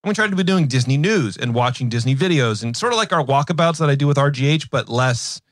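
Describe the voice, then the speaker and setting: A man's voice: medium pitch, fast, dry recording, studio quality. A man in his thirties hosting a podcast, chatting casually and telling stories with lots of fillers and restarts. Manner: rambling, animated storytelling with many fillers. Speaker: podcast host. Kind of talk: casual chat.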